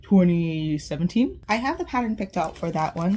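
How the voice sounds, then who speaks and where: A woman's voice: lowish voice, very animated, normal speed, hardly any pauses, mellow, a little hiss or hum. Giggly young Southern woman vlogging. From American South. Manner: bubbly, rambling, giggly. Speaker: sewing vlogger. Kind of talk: casual vlog chat.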